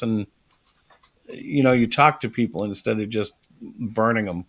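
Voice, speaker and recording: A man's voice: fairly low pitch, fairly even intonation, normal speed. A man hosting a casual podcast, talking in a chatty, reflective way and laughing often. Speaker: podcast host and comic creator.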